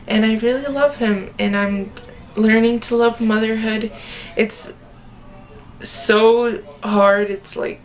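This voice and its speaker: A woman's voice: fairly high pitch, steady tone, slow, slight background noise. A young woman telling a personal story to her viewers in a casual vlog, chatty and earnest, filling her speech with "like". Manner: chatty, many "like"s, speaks to viewers as "guys"; earnest, emotional retelling. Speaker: vlogger.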